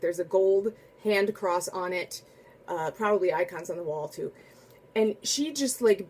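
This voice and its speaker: A woman telling a casual spoken anecdote in a chatty, animated way, full of asides and restarts. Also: mid-range voice. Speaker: storyteller.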